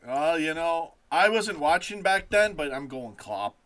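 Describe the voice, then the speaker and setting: Excitable man live-streaming from home. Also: a little high, unhurried. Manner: excitable, swears, laughs often. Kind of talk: casual live-stream chat.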